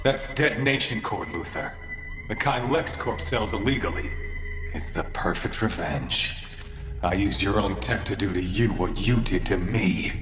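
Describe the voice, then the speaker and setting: A low, tense voice of a vengeful young cartoon hero, a man playing him, bitter and ready to shout. Echo hangs around the lines, with clear music underneath. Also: unhurried, natural voice. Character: vengeful young male archer bent on revenge. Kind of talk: animated series voice acting. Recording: cartoon clip with reverb and music.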